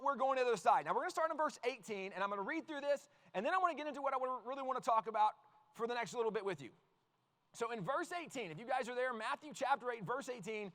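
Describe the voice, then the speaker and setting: A man leads a youth sermon, reading scripture and then steering volunteers through a playful skit. His voice sits very high for a man and sounds sharp and forward. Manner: energetic, playful, directs volunteers on stage. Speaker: youth speaker. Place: large youth event hall.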